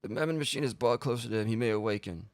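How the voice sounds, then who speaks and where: A man voicing a solemn old male elder with a gravelly put-on old-man voice while reading game dialogue. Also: medium pitch, rapid-fire, no echo, studio quality, lightly acted. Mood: urgent.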